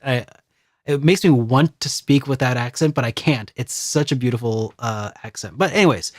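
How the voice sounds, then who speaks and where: A man's voice: mid-range voice, moderate pace, no echo, clean studio sound. A man co-hosting a gaming podcast, rambling in easygoing chat with many restarts. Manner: rambling, lots of restarts and fillers. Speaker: podcast co-host.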